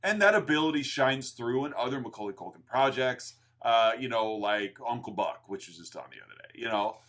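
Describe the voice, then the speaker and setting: A man's voice: medium pitch, animated, a little fast, a bit bright. A man co-hosting a movie podcast, chatting casually, laughing often and joking. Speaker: podcast co-host. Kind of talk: casual movie review chat.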